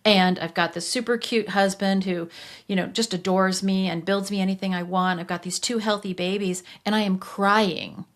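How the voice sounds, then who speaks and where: A middle-aged woman, a podcast guest, telling a candid personal story in an animated way. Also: normal speed. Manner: animated, acts out quoted voices with big pitch jumps.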